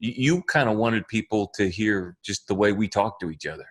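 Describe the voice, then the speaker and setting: A lead pastor in earnest conversation. His voice sits low, and he speaks haltingly, repeating his words and apologizing as he goes. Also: husky.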